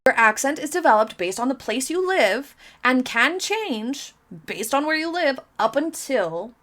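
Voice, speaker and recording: A woman's voice: mid-range voice, fairly bright tone. A woman in her thirties giving opinionated commentary, emphatic and incredulous, repeating her points for emphasis. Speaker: commentary vlogger.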